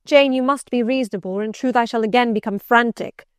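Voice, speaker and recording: A woman reading an audiobook, voicing a passionate, brooding middle-aged gentleman who pleads and commands urgently. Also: on the high side, fast talker, smooth, dry recording, clean studio sound, close to an everyday voice. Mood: insistent.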